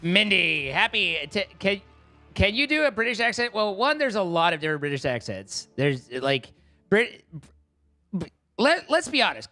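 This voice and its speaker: Man, livestreamer, casual chat, rambling, restarts, cursing, swooping pitch, faint music behind. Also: very animated, moderate pace, bright, forceful tone, no room sound. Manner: rambling, lots of restarts, swears for emphasis. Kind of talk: casual live stream chat.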